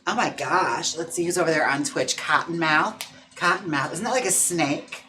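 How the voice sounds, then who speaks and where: A man's voice: on the high side, animated, moderate pace, bright, forceful tone, a little hiss or hum. A drag queen hosting a casual livestream, chatting playfully and campily with viewers. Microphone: own mic.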